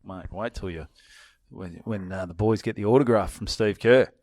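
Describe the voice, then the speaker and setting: A man's voice: fairly low pitch, normal speed, no echo. A man with an Australian accent co-hosting a podcast, telling a long story in casual chat, swearing freely and acting out what people said. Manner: animated storyteller, swears freely, acts out quotes. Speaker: podcast co-host.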